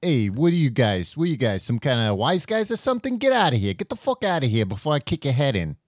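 A brash, threatening Italian-American wise guy, as a podcast host puts him on, barking street-tough lines. The voice sits higher than the man's usual low tone, and the sound is close and dry. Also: normal speed, darkish tone, no echo, natural voice. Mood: menacing, brash.

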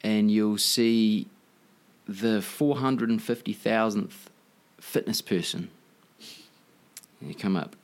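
A man's voice: lowish voice, takes it slowly, pauses often. A man in casual conversation, rambling and swearing as he tells stories. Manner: rambling, profane, animated storytelling. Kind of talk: casual chat.

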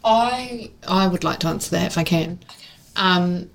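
A woman's voice: on the low side, measured pace, vocal fry, poor audio. Kiwi businesswoman, earnest and chatty, jumps in over her partner. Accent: New Zealand. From New Zealand. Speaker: recruitment business co-owner, guest. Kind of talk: casual interview chat.

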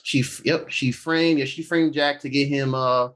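A man co-hosting a casual chat show, recapping an episode in a loose, profane way, jumping between his own voice and quick acted-out paraphrases of characters. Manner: animated pitch swings, excitable. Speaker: podcast co-host recapping episodes.

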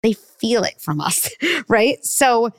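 A middle-aged woman psychologist giving parenting advice in a podcast interview, animated and full of "like", acting out parent and child lines. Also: a little high, slow, no room sound, studio quality. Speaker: clinical psychologist guest.

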